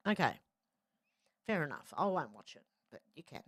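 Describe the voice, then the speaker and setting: A woman's voice: low-pitched, very animated, moderate pace, husky, dry recording, studio quality. Chatty Australian woman reading live chat. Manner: chatty, reads chat aloud with frequent fillers. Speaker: livestream host.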